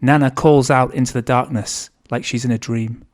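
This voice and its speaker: An author reading his own novel aloud in a steady, measured narrating voice. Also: mid-range voice.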